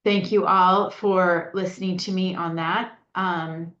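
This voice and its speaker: A woman's voice: lowish voice, fairly even intonation, slow pace, fairly bright tone. A woman chairing a county task force meeting, opening it in a chatty, upbeat, self-deprecating way. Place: meeting room. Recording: echoey lo-fi meeting audio.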